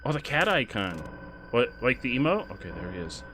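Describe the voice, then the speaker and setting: A man streaming a game, chatting casually and loudly thanking donors with sudden excited outbursts. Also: brisk, soft background music. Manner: excitable, shouts out thanks to donors with big jumps in pitch. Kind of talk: casual live-stream chat while gaming.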